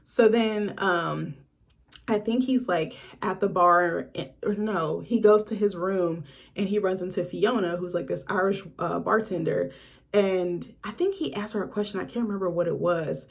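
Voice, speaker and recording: A woman's voice: mid-range voice, normal speed, vocal fry. A woman casually reviewing a horror film in a vlog, chatty and frank, with sassy asides and free swearing.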